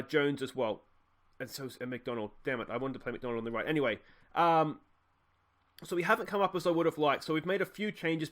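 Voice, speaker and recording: A man casually commentating his football management game, cheering goals loudly and thinking aloud about tactics. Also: mid-range voice. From Australia. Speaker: gaming YouTuber playing a football management game.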